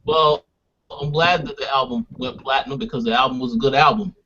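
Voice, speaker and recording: A man on a casual hip hop podcast panel, sharing his views in an easygoing, measured way. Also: mid-range voice, pushed and bright, a little hiss or hum. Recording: dull lo-fi mic.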